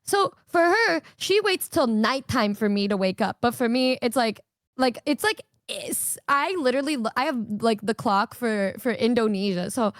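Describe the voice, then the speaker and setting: A high-voiced woman streamer tells a story in a lively, casual way, laughing often and swearing offhandedly. Her voice sounds close and dry, with no room echo. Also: normal speed. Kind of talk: casual chat.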